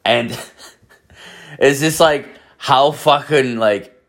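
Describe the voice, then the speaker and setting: A man's voice: medium pitch, extremely slow, fairly bright tone. A young man telling a crude, rambling story, full of swearing and "like". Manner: profane, rambling, heavy filler "like".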